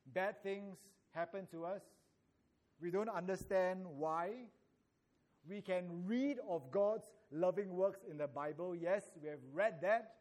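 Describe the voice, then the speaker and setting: Slow, high-voiced male preacher. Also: a little mellow. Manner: measured, emphatic reading of scripture with dramatic rises. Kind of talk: sermon.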